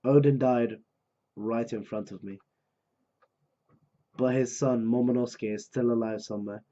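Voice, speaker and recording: A paranoid, boastful shogun speaks with scorn, as a man reads him from a manga. The voice is low-key and mellow, and the recording sounds dull and lo-fi. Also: fairly even intonation, a little slow, natural voice. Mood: scornful.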